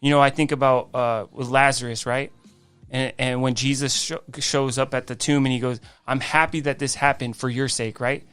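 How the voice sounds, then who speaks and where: A man, a guest on a faith podcast, telling his life story in an animated way, acting out quoted dialogue. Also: medium pitch, normal speed, clear, resonant tone, soft background music. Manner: frequent restarts and "I'm like" quoting.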